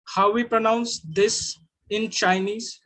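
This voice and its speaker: Slow-speaking male language teacher. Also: sits high, fairly even intonation, bright, forceful tone. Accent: Indian English. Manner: slow, repeating each sound with pauses. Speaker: Mandarin teacher. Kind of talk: online class lesson.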